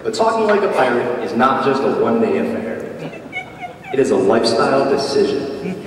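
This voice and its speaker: A man delivers a playful comic speech, his pitch bouncing up and down as he tells his tale. He is picked up from a distance in a large hall with a long, ringing reverb. A faint background hum sits under his voice. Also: moderate pace. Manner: animated, playful storytelling. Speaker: speaker at a job club.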